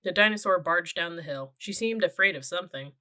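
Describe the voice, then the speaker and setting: A woman reading a children's chapter book aloud. Her voice sits a little low, with a bright, forward tone, and she tells the story in a steady, clear way. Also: fairly quick. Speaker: audiobook narrator. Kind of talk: children's audiobook narration.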